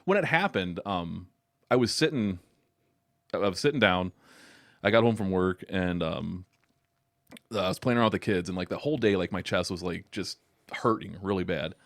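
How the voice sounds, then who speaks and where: A man's voice: low-pitched, normal speed, long pauses, dry recording, clean studio sound. A young man chatting as a podcast guest, telling rambling stories with plenty of swearing and laughter. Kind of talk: casual chat.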